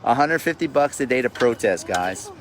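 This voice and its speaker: A man's voice: medium pitch, lively intonation, moderate pace, slight background noise. A man, ranting bluntly and with profanity on an outdoor live stream, often repeating himself as he gets worked up. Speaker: real estate investor hosting a live stream. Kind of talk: casual livestream rant. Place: outdoors at sundown. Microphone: phone livestream.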